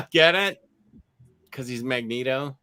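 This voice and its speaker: A man's voice: medium pitch, lively intonation, slow pace, pushed and bright, clear, resonant tone. A man co-hosting a casual live stream, easygoing and joking. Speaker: co-host.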